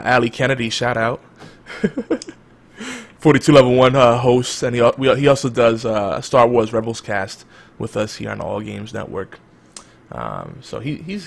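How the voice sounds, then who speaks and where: A man's voice: mid-range voice, gravelly, fairly bright tone. A man hosting a podcast, chatting casually and laughing often, with lots of restarts as he reads the live chat. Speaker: podcast host.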